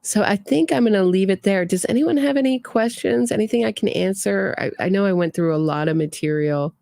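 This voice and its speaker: A woman's voice: mid-range voice, fairly quick, creaky, darkish tone, dry recording, clean studio sound. Opinionated true crime host woman. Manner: opinionated, reads viewer comments aloud. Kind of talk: casual livestream commentary.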